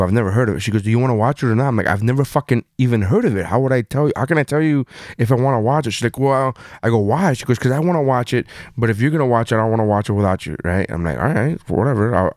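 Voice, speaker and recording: A man's voice: lowish voice, dry recording, clean studio sound. A man in his thirties, a podcast co-host, telling a story in casual chat, swearing often and acting out both sides. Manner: profane, animated storytelling.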